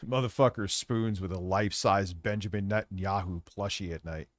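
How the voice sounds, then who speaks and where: A man's voice: low voice, fairly even intonation, normal speed, no room sound. A man streaming live and ranting crudely, swearing constantly, and mocking the people he criticizes. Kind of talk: profane live-stream rant.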